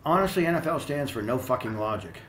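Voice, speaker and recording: A man's voice: mid-range voice, animated, quick pace, fairly bright tone, a little hiss or hum, poor audio. A middle-aged American man and strength coach telling blunt, profane, rambling stories in a casual interview.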